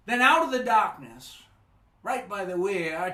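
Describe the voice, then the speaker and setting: A man reciting a storytelling poem on a festival stage with a rhythmic, animated delivery. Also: sits high, unhurried. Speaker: poetry reciter. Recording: echoey live stage.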